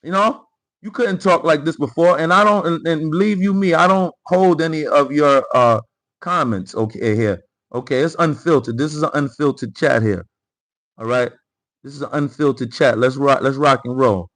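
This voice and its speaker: Male host of a live commentary stream, pitched a touch high; emphatic, repeats himself, riffs on chat comments. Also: normal speed, a bit bright, rough recording. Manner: emphatic, repeats phrases and talks straight to the chat. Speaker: livestream host.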